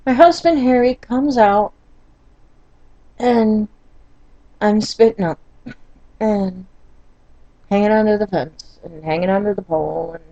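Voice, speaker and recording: An older woman recounts a painful personal story for her vlog, speaking slowly and haltingly, with many fillers and restarts. She sounds frustrated and close to tears throughout. The recording is dry and a little dull, like a simple home setup. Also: mid-range voice, dark tone, no echo. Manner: emotional, frustrated, often near tears. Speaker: vlogger.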